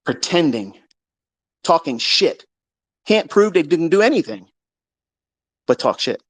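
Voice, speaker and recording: A man's voice: a little high, sing-song, measured pace, husky, no echo. A man ranting to his audience as a trading educator in a live audio room, swearing, combative and boastful. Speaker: trading educator, host of the space. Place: online audio space.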